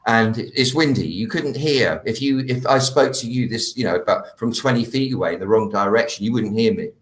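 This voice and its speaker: A man on a live stream telling a story with animated delivery, slipping into hushed, dropped tones when he quotes himself. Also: mid-range voice, a little fast, echoey room. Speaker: guest healer.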